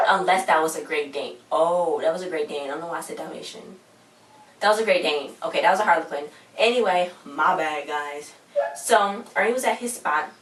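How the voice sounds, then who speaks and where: A woman's voice: sits low, far from the mic. Chatty young woman recapping a show. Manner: chatty, retells scenes acting out characters' lines. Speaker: TV show reviewer. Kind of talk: casual recap vlog. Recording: roomy, from off-mic, faint hum.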